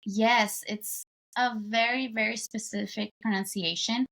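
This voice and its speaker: Young woman guest rambling along, lots of likes, voice sits a bit high. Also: steady tone, unhurried, vocal fry, a bit bright. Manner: chatty, leans on "like" fillers. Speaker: podcast guest. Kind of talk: casual chat.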